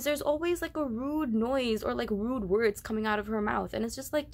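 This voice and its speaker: Young woman venting to camera, first language Tamil; fast, fed-up, chatty rant. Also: fairly high pitch, creaky. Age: young adult. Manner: animated, exasperated ranting with frequent "like" and "okay". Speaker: vlogger. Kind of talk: casual ranting vlog.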